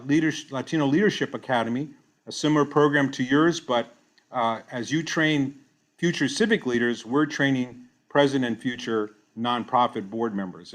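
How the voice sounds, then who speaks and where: An older man, a former mayor and foundation president, giving measured, formal prepared remarks at a gala. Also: mid-range voice.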